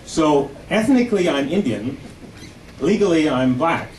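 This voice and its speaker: A man with an American accent doing a stand-up comedy set on a club stage, with deadpan setups and a punchy delivery. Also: fairly high pitch, measured pace, a faint crowd. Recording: echoey club from a distance with noise.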